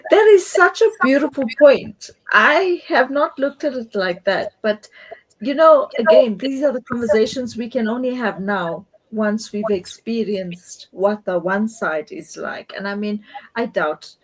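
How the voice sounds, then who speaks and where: A woman on a discussion panel responding warmly and affirmingly to the others. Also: fairly high pitch, lively intonation, measured pace, low-quality recording. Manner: warm, affirming.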